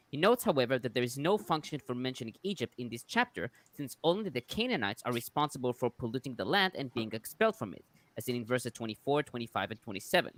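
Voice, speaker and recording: A man on a video call reading scholarly commentary, citing sources in a measured way. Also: medium pitch, fairly bright tone, dry recording. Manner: measured, cites sources in detail.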